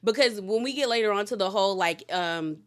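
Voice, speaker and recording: A woman's voice: medium pitch, a little fast. A woman giving a casual recap of a reality show, chatty and frank, airing blunt opinions and talking back to the cast. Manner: animated, talks back to the cast. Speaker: reality TV reviewer.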